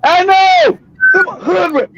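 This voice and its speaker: An older man from California, hosting a live stream and telling a story loudly with profanity, laughter and bursts of shouting. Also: very high voice, huge pitch swings, slow. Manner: loud, profane, laughing, often breaks into shouting. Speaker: livestream show host. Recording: dull lo-fi stream audio.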